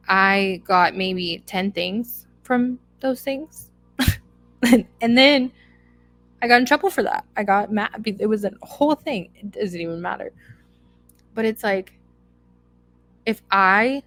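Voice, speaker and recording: A woman's voice: medium pitch, a bit bright. Blunt, emphatic woman podcast host. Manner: emphatic, blunt advice with repetition. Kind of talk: casual solo podcast talk.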